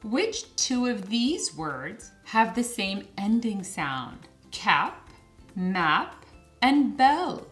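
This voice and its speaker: A woman leads a phonics lesson for young children, drawing out every word very slowly. Her pitch swoops up and down in a bright sing-song. Faint music plays underneath. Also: very animated.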